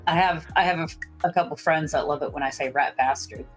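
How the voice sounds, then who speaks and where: A woman's voice: deep voice, steady tone, fast talker, music in the background, low-quality recording. Chatty woman with a slight Southern twang. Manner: chatty, rambling, many restarts. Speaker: podcast co-host. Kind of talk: casual chat.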